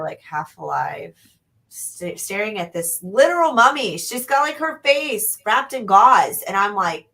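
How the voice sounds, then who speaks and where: A woman chatting casually, telling an animated, rambling story and swearing freely. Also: medium pitch, a little slow, creaky.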